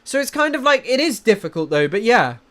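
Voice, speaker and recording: High bright-voiced man rambling on stream. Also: big pitch swings, fairly quick. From England. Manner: rambling, restarts sentences, reads chat aloud. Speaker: livestream host. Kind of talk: casual livestream commentary.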